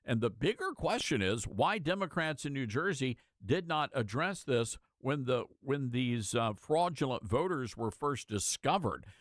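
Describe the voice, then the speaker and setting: A man's voice: mid-range voice, lively intonation, a little slow, hardly any pauses, dry recording, clean studio sound. A man hosting a call-in radio talk show, chatting in a folksy, friendly way with a caller.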